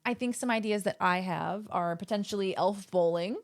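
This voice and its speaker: A young adult woman livestreams from her home setup, chatting casually with her viewers in a playful, rambling way full of goofy asides. Her voice is mid-range and she talks at a moderate pace.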